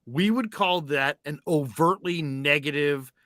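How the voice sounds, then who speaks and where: A man's voice: fairly high pitch, unhurried, a bit bright, dry recording, studio quality. A male co-host in casual sports talk, telling wry stories and stammering as he restarts.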